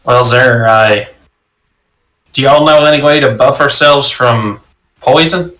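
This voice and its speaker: Blunt, profane man with a bright edge. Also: medium pitch, takes it slowly. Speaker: player. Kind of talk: casual tabletop game chat.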